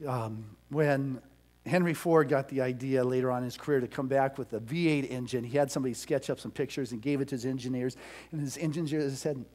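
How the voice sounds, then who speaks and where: A middle-aged male pastor giving a storytelling sermon, dropping to soft asides and rising to loud, emphatic peaks. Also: mid-range voice, fairly quick.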